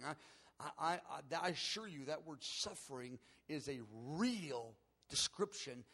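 A middle-aged man delivering an earnest, emotional sermon testimony. His voice is gravelly and a little husky, pitched slightly high for a man. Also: fairly bright tone. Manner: earnest, emotional storytelling with rising intensity. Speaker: preacher.

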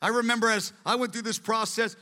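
A man preaching a sermon with earnest, animated delivery, in a large hall. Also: very high voice, fast talker. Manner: earnest, acts out quoted voices. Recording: long hall reverb.

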